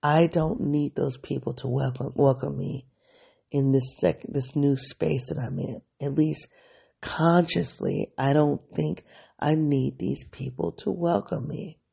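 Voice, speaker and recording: Podcast host, candid diary monologue, thinking aloud; gravelly, dark delivery. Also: medium pitch, measured pace. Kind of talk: reflective solo diary podcast.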